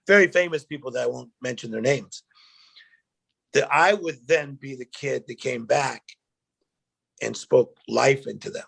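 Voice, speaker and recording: A middle-aged man, a guest speaker, telling animated personal stories in a chat and acting out the quotes. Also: medium pitch, a little slow, creaky, pauses often, slightly rough. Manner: animated storyteller, acts out quotes, emotional. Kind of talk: storytelling interview chat.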